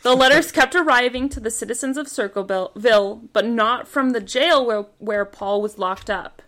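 A woman's voice: on the high side, normal speed, a bit bright. A woman hosting a podcast, casually telling a true crime story from her notes and laughing easily.

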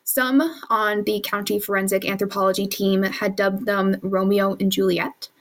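A woman presents a true-crime case to her co-hosts in steady, measured narration. Her voice sits at a middling pitch and she reads plainly. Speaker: podcast co-host presenting the case.

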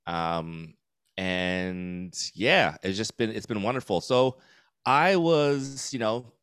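A man's voice: lowish voice, slow pace, a bit bright, clean tone, no echo. A man in his forties, a comedian guest chatting candidly and rambling with fillers, laughing easily. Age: 40s. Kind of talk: casual podcast chat. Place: New York City.

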